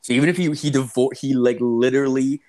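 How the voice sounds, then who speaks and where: A man's voice: mid-range voice, fairly even intonation, fast, darkish tone. Profane rambling storyteller, man. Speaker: podcast host. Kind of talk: casual chat.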